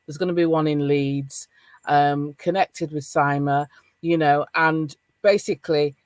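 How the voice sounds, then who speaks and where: A middle-aged woman with a Northern English accent hosting a podcast roundtable over a video call, chatting in a casual, animated way. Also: low voice, measured pace, no room sound. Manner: animated, laughing, encouraging. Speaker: podcast host.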